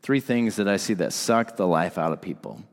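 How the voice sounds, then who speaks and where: A man's voice: sits low, sing-song, moderate pace, vocal fry, big-room sound. A man preaching a sermon in a conversational way, speaking directly to his congregation. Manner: conversational, asks the congregation to respond. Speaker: pastor.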